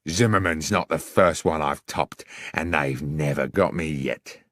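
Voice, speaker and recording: An actor playing a gruff, brutal male killer who boasts and threatens in a rough voice. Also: rumbling low, measured pace, fairly bright tone, no echo, pitched below the performer's own voice. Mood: menacing. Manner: menacing, boastful.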